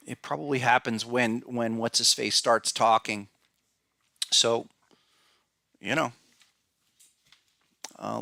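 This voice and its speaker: Guy with a gravelly edge rambling thru chart analysis, lots of restarts, dry close sound. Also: mid-range voice, bright, forceful tone, no echo. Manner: rambling, many restarts and fillers, addresses viewers by name. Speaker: podcast host and trading analyst. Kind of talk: casual market analysis talk.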